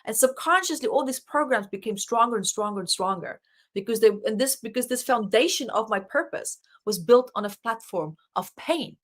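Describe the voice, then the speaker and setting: A woman's voice: fairly high pitch, expressive, moderate pace. Earnest woman telling a personal story. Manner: earnest, emphatic, acts out her own inner dialogue. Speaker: guest, author and life coach.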